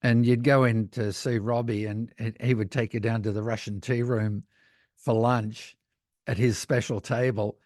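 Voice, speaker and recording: An older Australian man telling animated anecdotes in a casual interview, laughing often. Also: mid-range voice, normal speed, no echo, studio quality. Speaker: guest, cinematographer.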